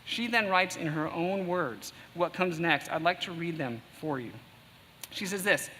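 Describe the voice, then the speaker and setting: High, bright-voiced male preacher. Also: slight background noise. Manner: earnest preaching, reads a passage aloud slowly. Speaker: pastor. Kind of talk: sermon. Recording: echoey hall with faint ambience.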